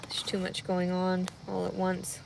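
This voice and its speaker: A heavily pregnant woman chatting casually with viewers on a livestream, rambling and anxious, her voice jumping into loud high cries when she gets upset. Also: monotone, measured pace, vocal fry, slight background noise. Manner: rambling, talks through her worries out loud. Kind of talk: casual live chat.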